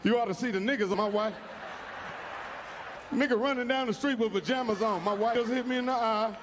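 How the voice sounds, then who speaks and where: High-voiced man doing stand-up. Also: brisk. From United States. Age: older. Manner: loud, animated storytelling with crude slang. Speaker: stand-up comedian. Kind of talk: stand-up comedy routine. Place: comedy club stage with a laughing audience. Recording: live stage in a large hall, loud crowd noise.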